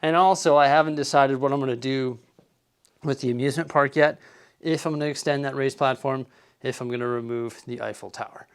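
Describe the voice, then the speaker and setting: A man's voice: mid-range voice, fairly even intonation, a little fast, smooth. A man hosting a casual hobby vlog from his room, chatty and a bit out of breath, laughing at himself now and then. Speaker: vlog host.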